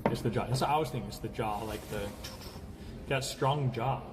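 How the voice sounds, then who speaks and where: A man in his thirties hosting a casual interview, chatting quickly and affirming his guest. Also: mid-range voice, heavy background noise. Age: 30s. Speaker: video host interviewing. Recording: clear background music.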